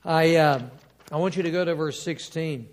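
A man preaching a sermon as pastor, quoting scripture and building to emphatic, drawn-out points. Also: on the high side, steady tone. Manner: preaching with rising emphatic bursts and drawn-out key words; quotes scripture in old King James wording.

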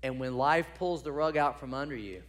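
A man preaching a sermon, building to loud emphatic peaks and dropping to quiet, low points. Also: brisk. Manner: drops to low quiet tones on key points.

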